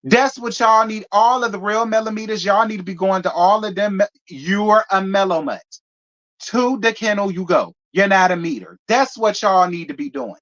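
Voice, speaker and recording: Livestream host, sassy casual chat, playful teasing, mid-pitched voice, slightly dull lo-fi audio. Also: moderate pace, a bit bright. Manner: sassy, playful, thanks donors by name with kisses.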